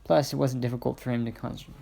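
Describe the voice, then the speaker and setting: Young male hobby narrator; gravelly, casual, hesitant reading with asides. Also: mid-range voice, level tone, fast, mellow, a little hiss or hum. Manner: rambling asides, hesitant fillers. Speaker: fan fiction narrator.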